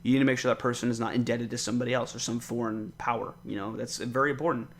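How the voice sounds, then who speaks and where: A man's voice: mid-range voice, steady tone, very fast, a bit bright, a little hiss or hum. A young man from the United States hosting a solo podcast, ranting casually with frequent swearing, fillers and exasperated asides. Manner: rambling, profane, exasperated, many fillers. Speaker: podcast host.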